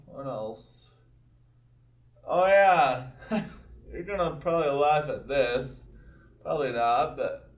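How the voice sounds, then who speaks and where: Brief: young male vlogger, slow rambling storyteller, recorded far from the mic in a boomy room. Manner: rambling, halting, with many restarts. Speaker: vlogger telling personal stories. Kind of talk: casual storytelling to camera. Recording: distant mic in an echoey room, dull sound.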